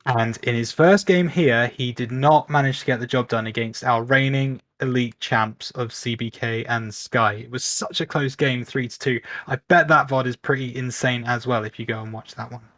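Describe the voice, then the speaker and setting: A chatty British man hosts a casual online league stream. He talks in an upbeat, easygoing way and often pokes fun at himself. His voice sits at a middle pitch. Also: steady tone, moderate pace, few pauses, a bit bright, dry recording. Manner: upbeat, chatty, self-mocking. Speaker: league host and caster. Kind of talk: casual esports stream talk.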